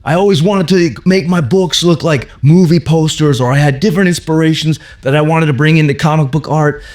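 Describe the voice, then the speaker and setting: A man voicing an excitable older male comic artist who exclaims in a high voice and repeats his questions. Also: a little fast, lightly acted. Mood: enthusiastic.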